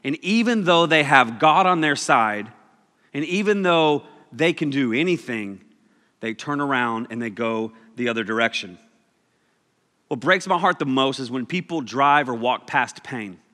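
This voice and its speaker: Animated preacher man in a reverberant hall. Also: medium pitch, unhurried. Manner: joking, animated storytelling. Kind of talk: casual sermon.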